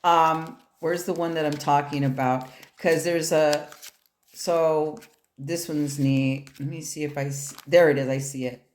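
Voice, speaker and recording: A woman's voice: low voice, fairly even intonation, measured pace, darkish tone, roomy sound. A woman tarot reader in a casual vlog, rambling and chatty, with lots of fillers and restarts. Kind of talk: casual deck-sharing vlog.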